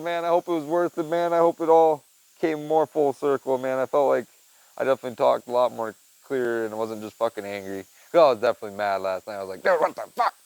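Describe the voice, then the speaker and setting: A young man chatting casually on his own, rambling and swearing, dropping to mumbles and then getting loud. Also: medium pitch, clear, resonant tone, no room sound, poor audio. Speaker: podcast host. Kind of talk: casual solo chat.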